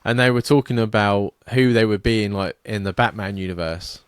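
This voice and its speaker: A man's voice: on the low side, steady tone, a little fast, clear, resonant tone, dry recording. A man co-hosting a podcast in casual, rambling, sweary chat. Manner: rambling, sweary, laughs a lot. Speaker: podcast co-host.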